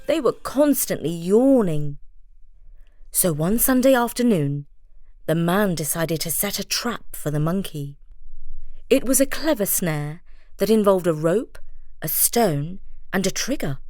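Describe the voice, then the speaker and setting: A woman reads a bedtime story aloud, her voice rising and falling with lively expression. The sound is close and dry, with soft music playing faintly underneath. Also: medium pitch, no echo. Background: soft background music.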